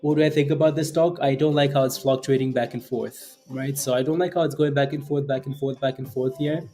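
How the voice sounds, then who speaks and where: A man hosting a live trading stream, chatting casually with viewers, repeating phrases and filling gaps with ums and quick laughs. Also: medium pitch, fairly even intonation, dark tone, soft background music. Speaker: stock trading livestream host. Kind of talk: casual live commentary answering chat.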